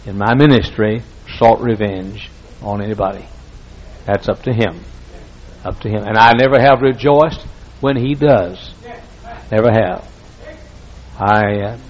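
A man's voice: lowish voice, highs cut off. A man preaching a sermon as pastor, telling folksy stories with emphatic repetition.

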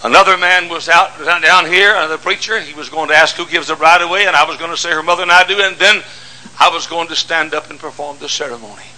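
An older man preaching a sermon, swinging from shouts to hushed storytelling. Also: fairly high pitch, fairly even intonation, quick pace, low-quality recording.

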